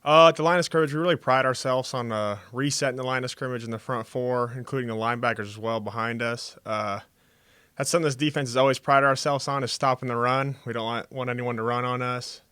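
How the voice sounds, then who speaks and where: Earnest young man with a crisp voice. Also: medium pitch, fast, no echo. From Texas. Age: young adult. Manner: steady, earnest, with frequent uh fillers. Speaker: college football defensive player. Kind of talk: press conference answers.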